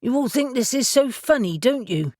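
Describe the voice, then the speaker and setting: A woman's voice: a little high, animated, moderate pace, mellow, no room sound, studio quality, pitched above the performer's own voice. A woman reading the part of a stubborn young man who grumbles and swears in an audiobook. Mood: sulky.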